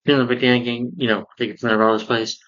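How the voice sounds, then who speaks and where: A man's voice: medium pitch, flat delivery, fast talker, a bit bright, highs cut off. A man casually recapping and reviewing a cartoon episode, rambling along with lots of "you know" fillers.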